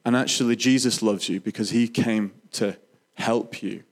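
A man sharing a personal faith testimony, earnest and halting, with frequent restarts. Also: fairly low pitch, fairly even intonation. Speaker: Christian speaker sharing testimony.

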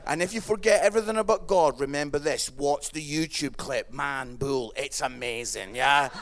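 A man's voice: normal speed, a bit bright. A man preaching a humorous sermon in a chatty way, often asking "yeah?" and acting out what people say. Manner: acts out quoted voices, dropping low for the kids and listeners.

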